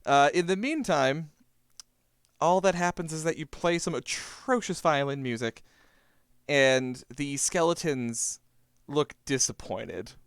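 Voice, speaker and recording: A man running a tabletop game as game master, narrating scenes in an unhurried, descriptive way with fillers. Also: medium pitch, fairly bright tone, smooth, no room sound, clean studio sound.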